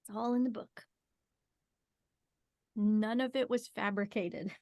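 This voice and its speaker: A woman's voice: mid-range voice, steady tone, a little mellow, dry recording, clean studio sound. A woman co-hosting a casual book chat over a video call, teasing and joking. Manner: teasing, joking, drawn-out speech. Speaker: podcast co-host.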